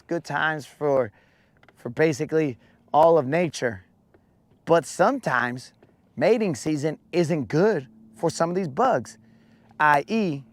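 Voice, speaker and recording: Man, live-stream host, rough morning voice, dry mouth, playful rambling, somewhat high voice, dry close sound. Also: dry recording. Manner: playful rambling storyteller, addresses chat as bro. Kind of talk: casual live-stream chat.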